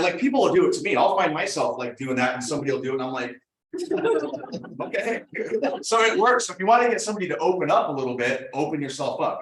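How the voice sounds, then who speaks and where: A man in his thirties co-presenting a real estate training in a casual, quick way with many fillers. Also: on the high side. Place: meeting room with audience. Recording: echoey room.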